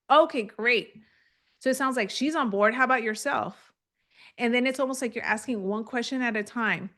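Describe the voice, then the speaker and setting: A woman's voice: fairly high pitch, sharp tone. A young adult woman giving a live online training, explaining to the camera and acting out call scripts. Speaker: real estate coach.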